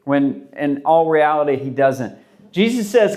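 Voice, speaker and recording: A man preaching a sermon as a pastor, talking in a relaxed, conversational way and acting out the voices of people he quotes. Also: on the high side, measured pace.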